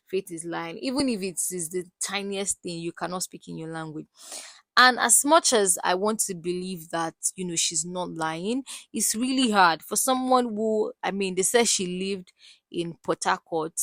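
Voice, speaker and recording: A Nigerian woman chats through a reality show recap, her voice jumping from hushed asides to loud exclamations. Her pitch sits in the middle of the range, and the sound is dry and close, with no room echo. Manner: animated, exclamatory, swinging loud and soft. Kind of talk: casual gossipy recap.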